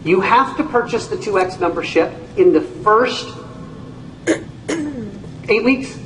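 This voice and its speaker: A man, a company CEO, giving an animated training talk to an audience, telling stories and acting out people's reactions with folksy exclamations. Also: high-pitched, slow, slight background noise. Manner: storytelling, acts out voices, folksy exclamations. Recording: echoey room, speaker far from mic.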